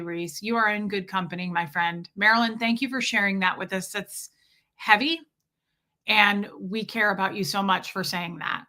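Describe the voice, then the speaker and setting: A woman's voice: mid-range voice, pushed and bright. A woman in her forties hosting a casual livestream, rambling and chatty as she thanks viewers by name. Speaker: livestream host reading chat.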